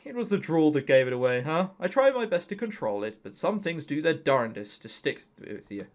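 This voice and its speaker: A man's voice: high voice, very animated, quick pace, a bit bright, exaggerated voice. A man voicing a curt but polite young Southern man who speaks formally.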